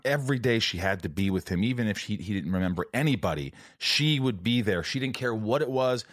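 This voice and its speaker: A man's voice: lowish voice, lively intonation, fairly quick, hardly any pauses, no room sound, studio quality. A young man hosting a casual, heartfelt conversation, speaking candidly with the odd swear word and acting out what others said. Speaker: podcast host.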